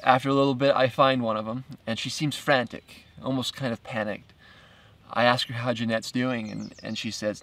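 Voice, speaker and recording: Man, gravelly voice, casual storytelling, halting with repeats and small laughs, a little away from the mic. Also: mid-range voice, flat delivery, fairly bright tone, far from the mic. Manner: halting, repeats words, laughs between phrases. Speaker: filmmaker narrating his documentary. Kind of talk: casual first-person storytelling.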